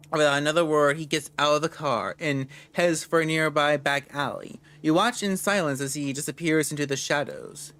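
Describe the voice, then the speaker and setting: A man reads game narration aloud in a casual, relaxed way, often tripping over words and starting them again. His voice is bright and sharp, and it sits a little high for a man. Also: normal speed, hardly any pauses. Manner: stumbles and restarts words while reading. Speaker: gamer reading a visual novel aloud.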